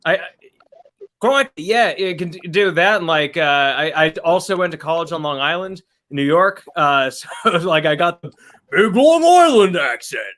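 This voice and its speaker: A man's voice: on the high side, steady tone, fairly quick, hardly any pauses, pushed and bright. Stammering, self-deprecating man. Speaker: comedian guest. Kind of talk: casual comedy chat.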